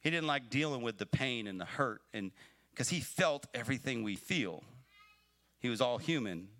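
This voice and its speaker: A man preaching a sermon on a livestream, talking to his viewers like a friend. His voice is bright and a little strained. He builds from easy conversational explanation to fervent, pleading emphasis. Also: mid-range voice, animated, normal speed. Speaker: pastor. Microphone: livestream mic.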